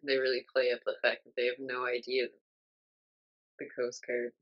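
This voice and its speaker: A man's voice: moderate pace, highs cut off. Rambling man recapping a film. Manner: rambling, lots of "like" and "um" fillers; animated, raises pitch when quoting characters. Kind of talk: casual chat recapping a film.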